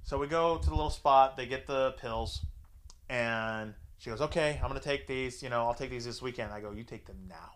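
A man hosting a podcast, telling a story in a casual, profane, animated way and acting out both sides of the dialogue. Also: medium pitch, brisk. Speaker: podcast host.

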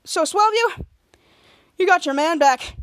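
A woman voicing a cocky grown man superhero in a brash, loud read. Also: very high-pitched, animated, measured pace, dry recording. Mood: boastful.

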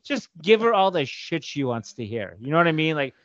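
A man hosting a casual podcast, ranting through a story and swearing freely. His voice sits a little high for a man. The sound is dry, slightly dull and lo-fi. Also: big pitch swings, brisk, a bit bright, dry recording. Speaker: podcast host. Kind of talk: casual chat.

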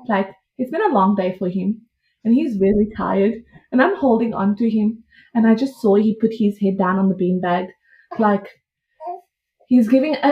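A young woman casually telling her own birth story, animated and laughing as she acts out what she said back then. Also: on the high side. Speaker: podcast guest. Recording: dull lo-fi audio.

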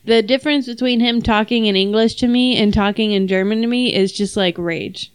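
A woman's voice: a little high, fairly even intonation, background noise. A young woman co-hosting a podcast in casual, teasing chat. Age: young adult. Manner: teasing and quick to laugh. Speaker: podcast co-host.

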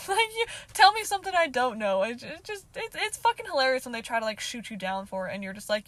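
A woman's voice: a little high, sing-song, quick pace, hardly any pauses, fairly bright tone, dry recording. A young woman in her twenties telling a casual storytime to her viewers, talking loosely with a lot of filler and swearing, laughing now and then. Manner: chatty, heavy filler "like", frequent swearing, laughs often. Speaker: vlogger.

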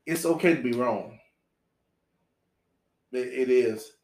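Slow preachy man, echoey room. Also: mid-range voice, darkish tone. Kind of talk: casual podcast chat. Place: apartment room.

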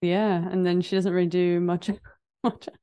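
A woman's voice: on the low side, little pitch movement, measured pace, mellow, clear, resonant tone. A young woman co-hosting a casual movie podcast, easygoing and often laughing. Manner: easygoing, laughs often, short agreeing replies. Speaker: podcast co-host.

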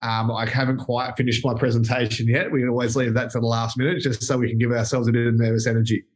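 An Australian man with a mid-range voice talks as a podcast guest. He is relaxed and reflective, often pausing with a soft "um" as he gathers his thoughts. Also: medium pitch, faint music behind. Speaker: company CEO, guest. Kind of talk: casual interview chat.

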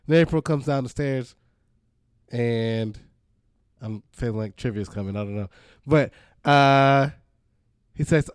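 A man's voice: medium pitch, steady tone, a little slow, clean tone, no echo, studio quality. A man co-hosting a podcast, retelling a TV episode in a rambling, laughing way. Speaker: podcast co-host. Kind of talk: casual recap chat.

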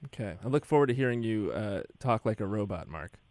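A man's voice: lowish voice, lively intonation, fairly quick, darkish tone, no echo. A man co-hosting a radio advice show, chatting in a friendly way and asking follow-up questions. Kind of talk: casual chat.

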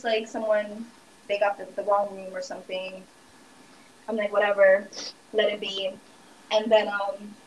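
A young woman telling a scary story from her travels in a relaxed, casual way, with many fillers. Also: mid-range voice, a little hiss or hum, low-quality recording. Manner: relaxed, filler-heavy narration.

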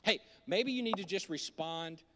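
A male pastor, preaching an animated sermon that swings from loud to hushed into a handheld microphone. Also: sits high, normal speed, noisy background. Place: church auditorium. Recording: reverberant church hall.

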